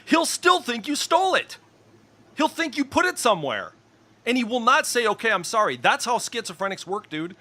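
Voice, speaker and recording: Profane ranting middle-aged man, lively. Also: very high-pitched, moderate pace. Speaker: streamer. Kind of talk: casual voice chat.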